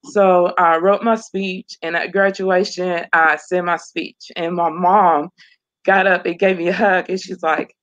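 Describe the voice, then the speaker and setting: A woman's voice: lowish voice, level tone, a little slow. Woman guest, heartfelt personal testimony, repeats herself, dull lo-fi audio. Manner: earnest, repeats phrases, breaks into laughs. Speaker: program graduate guest.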